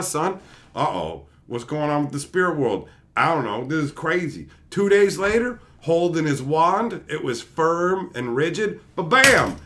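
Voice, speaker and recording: A man hosting his own channel, casually retelling a comic story in a rambling, profane, animated way. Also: on the high side. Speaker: channel host.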